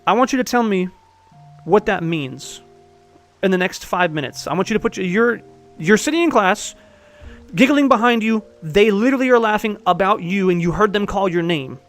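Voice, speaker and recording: A man's voice: sits high, lively intonation, normal speed, fairly bright tone, faint music behind. A man giving casual life-coaching advice, blunt and profane, pressing his listener with direct questions. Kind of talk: casual one-on-one advice talk.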